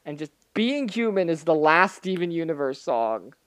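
A man co-hosting a podcast, recapping episodes in casual review chat with animated energy and lots of fillers. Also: fairly high pitch, normal speed. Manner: animated recapping, often laughing, many fillers. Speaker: podcast co-host.

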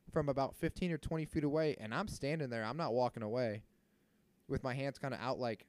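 A man in his thirties tells a story on his podcast, worked up and indignant, with a steady middle pitch. He curses freely and keeps the story moving. The recording is dry and close. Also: brisk, no echo. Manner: animated, indignant, swears freely. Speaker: podcast host. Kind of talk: casual storytelling monologue.

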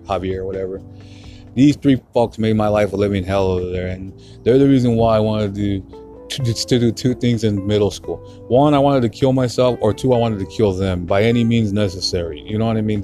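A young man with a lowish voice, cursing as he speaks on his podcast, repeating words and struggling to hold himself together. Quiet music plays faintly under him. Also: fairly quick. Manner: profane, emotional, getting choked up; heavy swearing, repeats himself. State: close to tears. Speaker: podcast host. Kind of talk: solo podcast monologue.

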